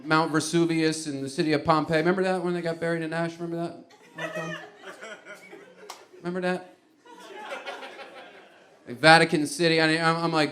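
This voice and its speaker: A male comedian on stage, telling a story in loose, conversational stand-up style. His voice sits a bit high for a man, and he keeps the story moving with animated asides. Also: normal speed, pauses often.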